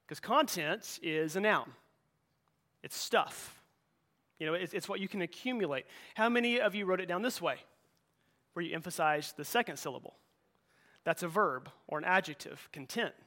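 A man's voice: high-pitched, fairly bright tone. A middle-aged male pastor preaching a sermon in a church, in a conversational way with frequent repeated words and restarts. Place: church sanctuary.

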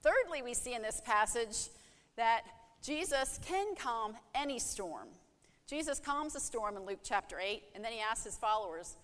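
A woman preaches with earnest conviction, her voice sitting a little high. She often poses rhetorical questions and voices pleading prayers aloud. The recording carries a long reverb, as if from a large hall. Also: lively intonation, moderate pace, a bit bright. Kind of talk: sermon.

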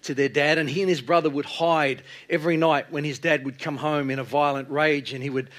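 A middle-aged male pastor telling a sermon story in an animated way, acting out the quotes. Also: on the high side, fairly quick.

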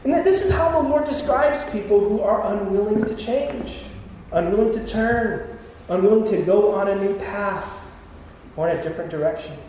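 A man's voice: high voice, animated, normal speed, darkish tone, slight background noise. A middle-aged male pastor preaching a sermon, telling personal stories with self-deprecating jokes. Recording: echoey hall, mic at a distance.

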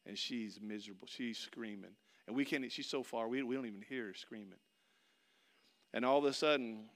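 A middle-aged man preaching a sermon, telling a personal story and swinging between loud excitement and hushed, soft passages. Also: mid-range voice, smooth. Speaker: pastor. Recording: long hall reverb.

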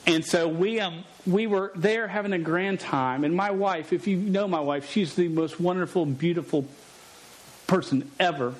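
A man's voice: sits high, moderate pace. Joking, stammering man preaching a story. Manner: stammering, joking and animated, often restarting words. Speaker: pastor. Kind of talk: sermon with a storytelling aside.

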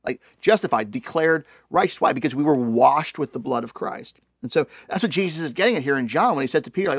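Animated, chatty preacher. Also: male voice, on the high side, fast, creaky, hardly any pauses, breathy edge, no room sound, clean studio sound. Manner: conversational, animated, many "like" fillers. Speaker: pastor. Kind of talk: sermon.

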